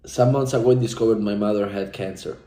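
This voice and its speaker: Young man, dark mellow tone, fervent repetitive testimonial, echoey room. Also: fairly low pitch, quick pace. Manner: intense, profane, repetitive, speaks from the heart. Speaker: coaching client giving a testimonial. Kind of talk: emotional motivational testimonial.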